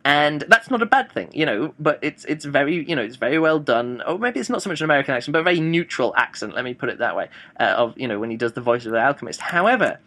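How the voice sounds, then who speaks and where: A man's voice: fairly high pitch, big pitch swings, fast talker, few pauses, bright, forceful tone. A man giving a casual audiobook review, rambling and thinking aloud as he goes. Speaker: book reviewer.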